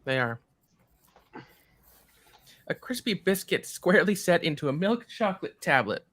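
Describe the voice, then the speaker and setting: Bright-voiced chatty man hosting a watch-along. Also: high-pitched, sing-song, a little slow, dry recording. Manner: chatty, enthusiastic. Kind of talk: casual chat.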